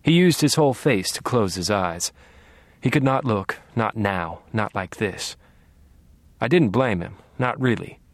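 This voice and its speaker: Slow, low-voiced male audiobook narrator. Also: animated, no room sound. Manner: quiet, menacing, measured delivery. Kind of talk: first-person audiobook narration.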